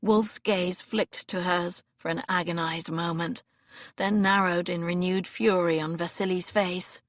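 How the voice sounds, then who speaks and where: A woman narrating an audiobook in an expressive, dramatic reading. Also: lowish voice, unhurried, dry recording. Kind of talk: scripted narration. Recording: dry close studio recording.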